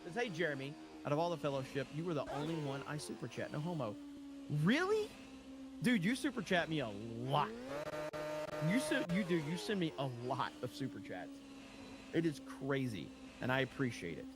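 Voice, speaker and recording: A man's voice: fairly high pitch, animated, brisk. A man chatting casually on a live stream, reading out viewer donations with a loose, jokey, rambling manner full of fillers and the odd swear word.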